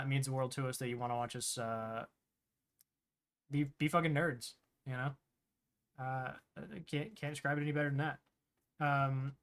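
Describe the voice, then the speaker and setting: Bright-voiced ranting male stream host. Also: medium pitch, smooth. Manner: ranting, profane, rambling. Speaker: game master and stream host. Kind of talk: loud casual stream chat.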